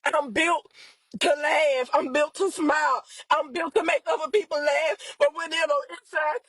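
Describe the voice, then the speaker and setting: A woman's voice: high voice, moderate pace, a bit bright, dry recording, low-quality recording. A young woman making an emotional, pleading plea to camera about her missing sister, her voice breaking into tears as she repeats herself.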